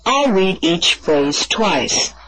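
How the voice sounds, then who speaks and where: A woman reading classroom instructions and examples for an audio language course, clear and deliberate, spelling words out letter by letter. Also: fairly low pitch, big pitch swings, a bit bright, poor audio. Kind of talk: slow scripted classroom instruction.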